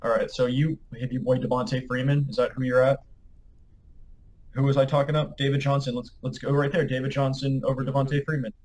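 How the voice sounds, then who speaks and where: A man's voice: mid-range voice, flat delivery, a little fast, darkish tone, slight background noise, rough recording. A man co-hosting a podcast in casual sports banter, brash and profane, stumbling over his words now and then. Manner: brash, profane trash talk. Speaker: podcast co-host.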